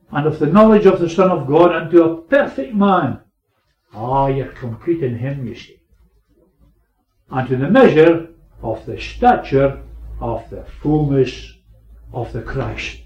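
A man preaching a sermon, swinging between raised emphasis and quiet asides. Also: mid-range voice, unhurried. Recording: echoey, distant, muffled recording.

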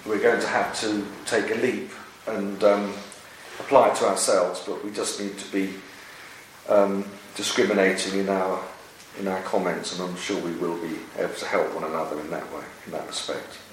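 A man leads a Bible study in a low, unhurried voice. He talks earnestly and in measured phrases, pausing often to find his words. He is picked up from afar in a very echoey room with a faint hiss. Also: flat delivery, recorded from a distance. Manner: measured and earnest, with frequent pauses and "um"s.

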